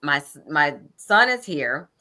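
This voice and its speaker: A woman's voice: deep voice, very animated, measured pace, bright, forceful tone. A middle-aged woman casually telling an anecdote, animatedly acting out her own quoted thoughts. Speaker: guest storyteller.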